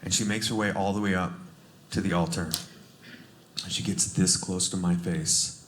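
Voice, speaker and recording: A man from Cleveland performing a stand-up comedy set, telling stories in an animated way and breaking into shrill put-on voices. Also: moderate pace. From Cleveland, Ohio. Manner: animated storytelling, breaks into shrill high-pitched character voices. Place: comedy club stage before a laughing audience. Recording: roomy stage sound with audience noise.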